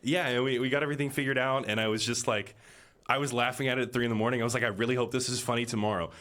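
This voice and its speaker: A man's voice: mid-range voice, fairly even intonation, racing. A young man giving a casual, grateful award speech, telling the story of his film. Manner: grateful, rambling storyteller with fillers. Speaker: filmmaker accepting an award. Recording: noisy live venue.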